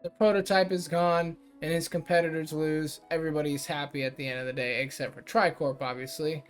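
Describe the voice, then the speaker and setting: Guy rambling thru a cartoon recap, lotsa "like"s, voice sits a bit high, faint guitar behind. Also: little pitch movement. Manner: rambling, filler-heavy, paraphrases characters in quick asides. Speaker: cartoon episode reviewer. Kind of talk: casual spoken review recap.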